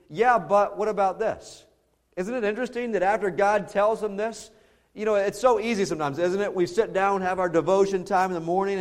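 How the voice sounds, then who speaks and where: Pastor guy preaching, kinda high voice, earnest, stumbles and repeats himself, gets louder when he pushes a point. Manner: earnest, repeats words, rises in pitch when emphatic. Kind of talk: sermon with prayer.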